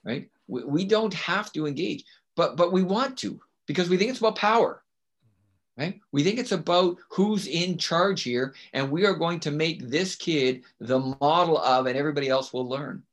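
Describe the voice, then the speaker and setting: A man's voice: fairly high pitch, normal speed. A man speaking as a guest on a podcast about teaching. He talks emphatically and keeps checking in with rhetorical questions. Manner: emphatic, often asks rhetorical "right?". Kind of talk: casual interview talk.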